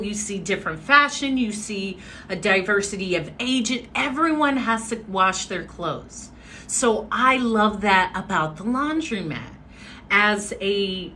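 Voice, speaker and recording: A woman hosting a livestream, telling a story casually with dramatic swings between loud and hushed. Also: medium pitch, slight background noise. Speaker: social media host.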